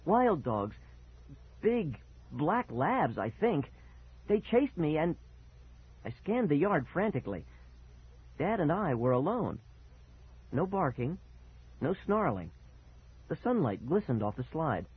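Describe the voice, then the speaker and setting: A man reading a first-person story aloud with expressive, dramatic delivery and a husky voice. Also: fairly high pitch, slow, pauses often. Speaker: audiobook narrator. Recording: tinny phone-like sound.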